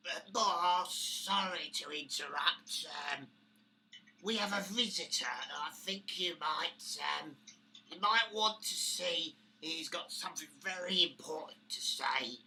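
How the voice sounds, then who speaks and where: A man's voice: on the high side, measured pace, sharp tone, a little hiss or hum, pitched above the performer's own voice. A British man voicing a timid goblin servant who apologises nervously.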